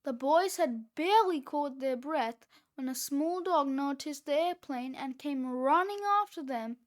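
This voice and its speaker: A woman reading a children's book aloud, with expressive, deliberate narration. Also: high voice. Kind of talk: read-aloud storybook narration.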